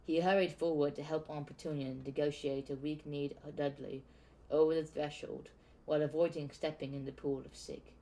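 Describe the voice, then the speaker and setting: A man's voice: fairly high pitch, fairly even intonation, normal speed, hardly any pauses, dark tone, rough recording. A man casually reading a novel aloud, often stumbling and restarting words. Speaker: audiobook reader. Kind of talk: casual amateur book reading.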